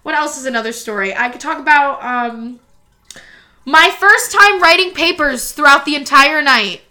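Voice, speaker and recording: High, bright chatty young woman. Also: moderate pace. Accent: American. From New Jersey. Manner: chatty, animated storyteller with frequent fillers. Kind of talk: casual chat, storytelling.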